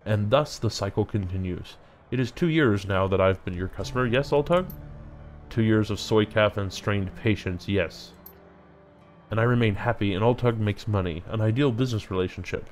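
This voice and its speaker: A man voicing a huge, jovial game character with a put-on German accent, booming and amused. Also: normal speed, faint music behind, lightly acted. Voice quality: booming, mirthful. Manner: flowery, amused.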